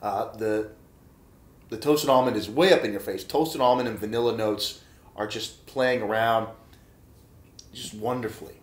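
A man's voice: on the low side, moderate pace, long pauses. Enthusiastic man reviewing beer, echoey room. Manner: enthusiastic, chatty, repeats himself and addresses viewers as guys. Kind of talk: casual beer review vlog.

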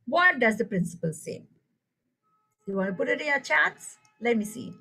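A woman's voice: a little high, moderate pace, creaky, slightly rough, low-quality recording. A woman leading an online teacher workshop, telling a story and asking the audience questions over a video call. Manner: engaging, animated, asks the audience questions. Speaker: teacher trainer.

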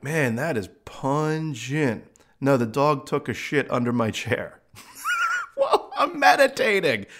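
A middle-aged man, a psychic medium, casually telling funny stories from his work, laughing often and acting out the voices of people and pets. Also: mid-range voice. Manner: animated, laughing, acts out quoted voices. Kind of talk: casual storytelling monologue.

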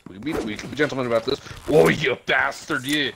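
A man's voice: mid-range voice, a little fast, vocal fry. A man joking, swearing and taunting while gaming with a friend over a headset. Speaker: gaming teammate. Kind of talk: casual gaming banter. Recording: loud game noise behind voice.

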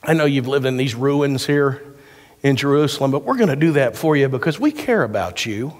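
A man's voice: medium pitch, expressive. A man pastor giving a sermon, mixing scripture with folksy stories and jokes. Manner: folksy storytelling with quick jokes. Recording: church hall reverb.

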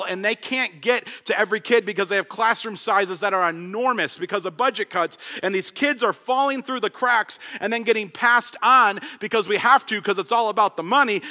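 A young man preaching a sermon, passionate and quick, stumbling through restarts and acting out little quoted exchanges. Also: high-pitched, pushed and bright. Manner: passionate, fast-talking preacher with many restarts and acted quotes. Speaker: pastor. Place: church sanctuary. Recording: long church hall reverb.

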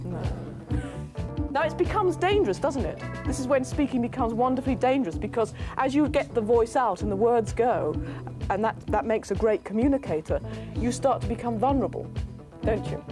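Woman voice coach talking a studio crowd thru exercises, bit high, swoops around a lot. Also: animated, fairly quick, music in the background. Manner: encouraging, coaxing the audience into exercises. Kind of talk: leading a voice workshop. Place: TV studio stage with an audience.

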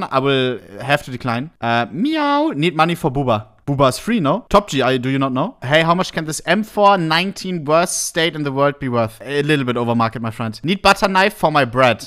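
A man's voice: medium pitch, fairly bright tone. A man streaming casually, reading out trade messages and brushing them off with laughs. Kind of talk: casual livestream commentary.

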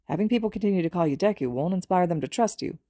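Woman reading a gruff, burly male teacher, blunt and low. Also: animated, quick pace, warm tone, no room sound, clean studio sound. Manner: blunt, matter-of-fact.

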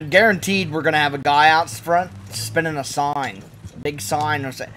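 A man's voice: a little high, moderate pace, soft background music. A man rambling and joking in casual commentary while playing a video game. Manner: rambling, joking, deadpan riffs. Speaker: gaming streamer.

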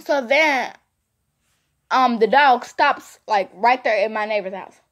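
A slow-talking woman with a fairly high voice shares a casual storytime on her vlog. She wanders from point to point, repeats phrases for emphasis, and stays lively while talking directly to viewers.

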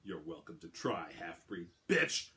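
A man voicing a gruff, hot-tempered male gnome quartermaster who snarls threats. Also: deep voice, big pitch swings, measured pace, sharp tone, pitched below the performer's own voice, exaggerated voice. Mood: furious. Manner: angry, threatening.

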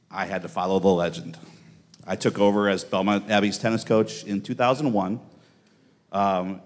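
Lower-voiced man giving a reflective tribute. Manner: relaxed, reflective, with frequent ums. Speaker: tennis coach. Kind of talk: memorial speech. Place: event hall.

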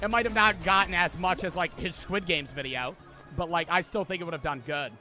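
A young man streaming a game, chatting in a slangy, excitable way and swearing often. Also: high-pitched, a little fast. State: out of breath. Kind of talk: casual gaming commentary. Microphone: headset. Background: game music.

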